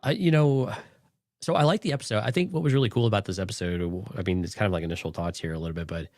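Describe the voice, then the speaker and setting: A man's voice: on the low side, racing, darkish tone, no echo, studio quality. A man co-hosting a podcast in casual chat, rambling and enthusiastic, with lots of "like.". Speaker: podcast co-host.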